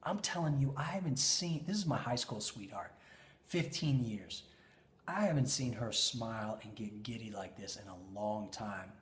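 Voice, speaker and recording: Animated man telling a motivational story. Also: normal speed. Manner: animated, with big swings in pitch and loudness. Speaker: leadership coach. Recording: echoey room.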